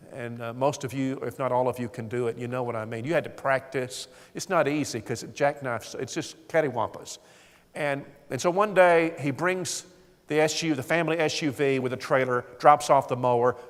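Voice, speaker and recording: A man leading a marriage seminar for men, telling folksy stories and acting out the voices in them. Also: mid-range voice. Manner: folksy storytelling, acts out quoted voices. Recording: hall reverb.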